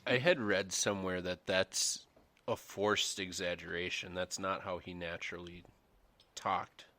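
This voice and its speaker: A man's voice: sits low, steady tone, unhurried, sharp tone. A man co-hosting a sports podcast, with dry, teasing remarks in casual banter. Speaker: podcast co-host.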